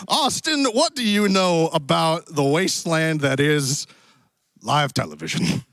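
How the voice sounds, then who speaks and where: A man's voice: a little high, lively intonation, unhurried, creaky, a bit bright, dry recording, heavily acted. A man playing a hammy Old West cowboy host with a put-on Western drawl, joking his way through a live stream on a handheld mic. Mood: playful. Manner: playful, jokey, theatrical. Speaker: event host. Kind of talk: live stream hosting in character. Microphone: handheld stick mic.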